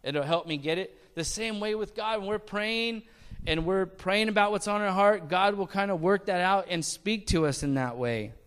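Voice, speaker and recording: Guy preaching a sermon, high bright voice, chatty with the church, lots of questions, long hall echo. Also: normal speed, clean tone. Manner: conversational preaching with rhetorical questions and jokes. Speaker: pastor.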